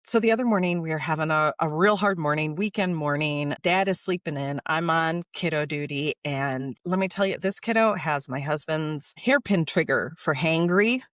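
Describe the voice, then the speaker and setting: A woman, a podcast guest, telling stories in a casual, animated way and acting out the people in them. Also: low-pitched, normal speed, hardly any pauses, no echo, studio quality. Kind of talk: casual storytelling.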